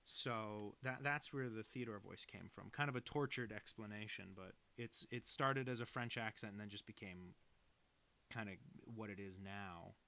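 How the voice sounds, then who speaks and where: This young man's voice is fairly low-pitched, bright and forceful, with vocal fry and a normal speaking speed. He's a cartoonist streaming as he draws, rambling along casually and making light of himself.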